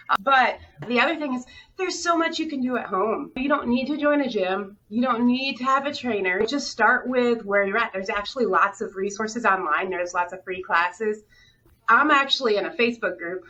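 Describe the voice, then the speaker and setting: A woman's voice: mid-range voice, fairly quick, sharp tone. A middle-aged woman, a hospital director, talking candidly and earnestly in an interview, sometimes near tears. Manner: earnest, openly emotional storytelling. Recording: dull, distant audio with faint noise.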